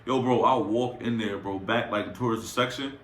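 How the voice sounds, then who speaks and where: A young man telling a casual storytime anecdote in slangy, profane talk, acting out quotes with lively energy. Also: lowish voice, moderate pace, slight background noise. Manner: animated, slangy, acts out quotes. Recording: roomy echo.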